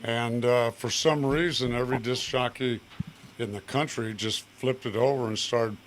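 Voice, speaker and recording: An older man, a guest singer, chatting in a relaxed, halting way with many pauses and restarts. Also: medium pitch, slight background noise. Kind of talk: relaxed studio chat.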